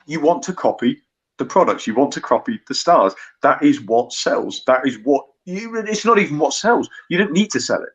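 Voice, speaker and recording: A man's voice: a little high, dull audio. A man on a sports talk panel, sharing wry, reflective anecdotes about playing football. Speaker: panel guest.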